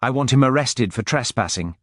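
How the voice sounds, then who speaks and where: A man's voice: medium pitch, expressive, brisk, no echo, clean studio sound, voice pushed up, lightly acted. A man voicing a pompous, wealthy Englishman with a clipped, nasal London accent who barks demands. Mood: demanding. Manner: barking, demanding, disdainful. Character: pompous rich Englishman, angry newcomer.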